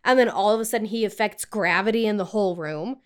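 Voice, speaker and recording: A woman's voice: medium pitch, fast, clear, resonant tone. A young woman with a mid-range voice talks casually about a film. She is curious and chatty and often asks questions. She fills her speech with "like". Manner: inquisitive, chatty, uses "like" often. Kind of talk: casual movie review chat.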